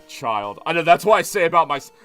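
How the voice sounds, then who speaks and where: A man's voice: on the high side, a bit bright. A man in his thirties streaming a game, chatting in a loose, rambling way full of restarts. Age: 30s. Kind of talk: casual let's-play chat.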